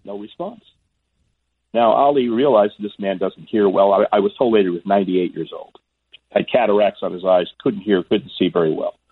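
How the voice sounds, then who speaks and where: A man in his sixties from Florida, a guest sportscaster telling stories in a phone interview, animated and stammering on restarts. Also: lowish voice, a little fast. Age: 60s. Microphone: telephone. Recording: husky, dry phone line.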